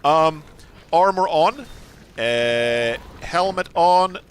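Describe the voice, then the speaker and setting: A man streaming a video game, commenting casually, excitable, swearing and laughing often. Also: fairly high pitch, very slow, slight background noise. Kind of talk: let's play commentary.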